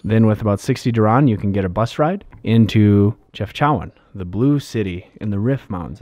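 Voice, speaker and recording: A man's voice: sits low, creaky, darkish tone. A man casually recounting his travels as a vlogger, rambling with fillers and restarts. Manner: rambling, laid-back, many fillers and restarts.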